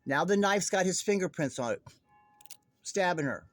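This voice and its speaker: A man's voice: high-pitched, expressive, normal speed, no room sound, soft background music. A man delivering a heated true-crime monologue straight to his viewers, agitated, profane and rambling. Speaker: online commentator.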